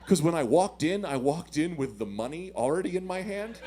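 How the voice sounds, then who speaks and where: A man in his thirties doing stand-up storytelling, acting out voices with big swings. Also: a little fast. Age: 30s. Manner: animated, acts out voices with big pitch swings. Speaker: stand-up comedian.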